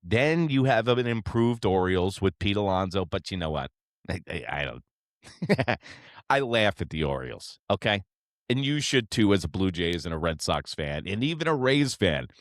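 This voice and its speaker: A man hosting a sports show, ranting in a brash, profane, excitable way. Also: sits low, moderate pace, dry recording, clean studio sound. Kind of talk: fired-up sports reaction rant.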